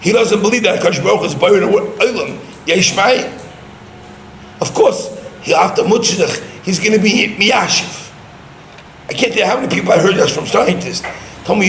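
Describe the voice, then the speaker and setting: Emphatic high-voiced rabbi, roomy echo. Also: male voice, lively intonation, moderate pace, a bit bright. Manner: emphatic, scornful, sprinkled with Hebrew and Yiddish terms. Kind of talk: sermon. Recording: roomy echo, faint background hum.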